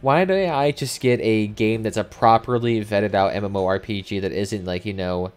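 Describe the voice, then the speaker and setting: With a lowish, smooth voice at a moderate pace, a young gaming streamer gives relaxed live commentary while he plays. He chats with his audience, reads their messages out loud, and curses freely.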